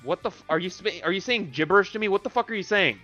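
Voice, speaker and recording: A man's voice: high voice, expressive, rapid-fire, bright, forceful tone, no echo. A man in a heated online voice chat, ranting in a profane, provocative way. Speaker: voice chat participant. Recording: lo-fi voice chat with faint music.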